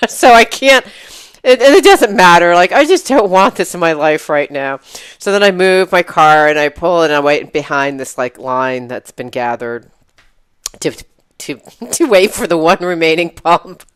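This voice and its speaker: Woman, podcast co-host, casual animated storytelling, smooth voice, dry sound. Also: fairly low pitch, moderate pace, dry recording. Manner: animated storyteller, laughing, acting out quotes. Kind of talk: casual chat.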